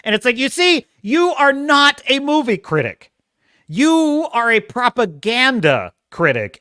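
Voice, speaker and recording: A man's voice: sits high, pushed and bright, no room sound, studio quality. A man hosting a podcast, reacting to video clips with sarcastic, exasperated ranting and frequent laughter.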